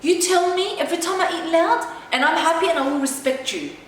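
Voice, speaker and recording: Kind older mother-in-law, as a woman quotes her, gentle and reassuring; distant mic, very echoey room. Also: very high voice, a little fast, a little hiss or hum, voice pushed up.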